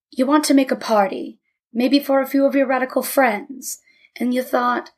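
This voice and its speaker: A woman voicing a large, stern rabbi in a storybook reading, ironic and scolding. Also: high-pitched. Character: large stern middle-aged male rabbi.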